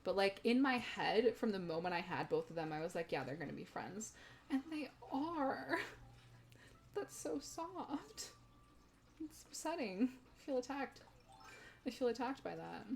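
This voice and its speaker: A woman's voice: on the low side, lively intonation, normal speed, gravelly. A young woman streaming a game, chatting casually with viewers, giggly and gushing. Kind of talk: casual gameplay stream chat.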